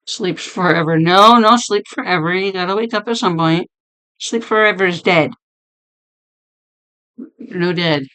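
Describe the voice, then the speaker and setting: A woman streamer chatting casually with her viewers, her voice deep and hoarse from being sick, laughing often. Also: unhurried, pauses often, a bit bright. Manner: chatty, laughing, talks to chat by name. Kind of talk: casual chat reading stream chat.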